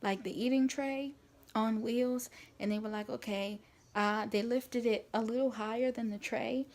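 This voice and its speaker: A woman vlogger tells a personal story in a chatty, casual way. Her voice sits a little high, and her animated retelling is full of fillers. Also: moderate pace. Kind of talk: storytime vlog.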